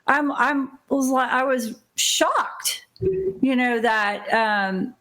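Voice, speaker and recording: A woman's voice: sits high, big pitch swings, drawn-out words, sharp tone. Blunt, rambling woman podcaster from Illinois. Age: middle-aged. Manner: blunt, rambling, swears and laughs often. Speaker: podcast co-host. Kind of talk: casual chat.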